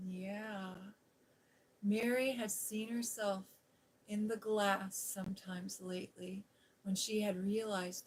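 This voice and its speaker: A woman host reading a classic novel aloud in a gentle, soothing ASMR style, with whispered asides. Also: medium pitch, fairly even intonation, slow pace, slight background noise, poor audio. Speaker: storybook reader and ASMR host. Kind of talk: softly spoken ASMR story reading.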